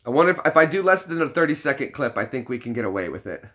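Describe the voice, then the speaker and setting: A man's voice: mid-range voice, sing-song, racing, sharp tone. A man chatting casually to viewers on a live stream, rambling through filler-heavy restarts and joking at his own expense with frequent laughs. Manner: joking, self-deprecating, laughs often.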